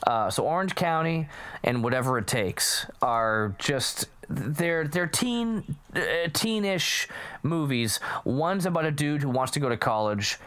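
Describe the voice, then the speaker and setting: Casual chatty guy, lively swooping pitch, acts out movie lines. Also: unhurried, clear, resonant tone. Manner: animated, quotes lines in put-on voices, laughs often. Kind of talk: casual chat about movies.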